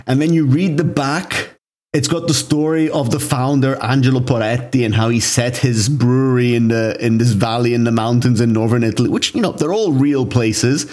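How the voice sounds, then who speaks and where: A young man co-hosting a podcast, talking easily at a middle pitch. He tells his stories in a loose, chatty way and fills them with casual asides. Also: moderate pace. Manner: relaxed storytelling, frequent "like" fillers. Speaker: podcast co-host. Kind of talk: casual chat.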